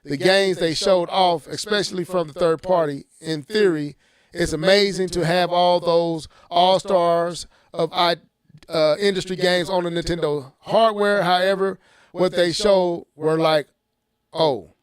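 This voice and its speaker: Animated high-voiced male podcast host. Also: unhurried. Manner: animated, rises to shouting when worked up. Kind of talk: casual gaming podcast chat.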